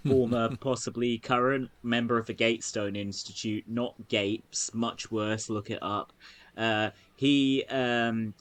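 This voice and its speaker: A man with a somewhat low voice hosts a casual podcast chat. He mocks in a sardonic, sweary way and stops and restarts with plenty of fillers. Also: a bit bright, no room sound. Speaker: podcast host.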